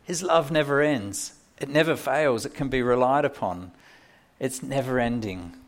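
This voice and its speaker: A man's voice: medium pitch, moderate pace. Conversational man preaching a sermon. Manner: conversational, with fillers and restarts.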